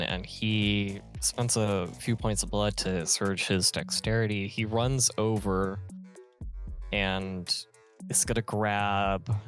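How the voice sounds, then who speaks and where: A man's voice: on the low side, fairly bright tone. Man narrating a tabletop game. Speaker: game master.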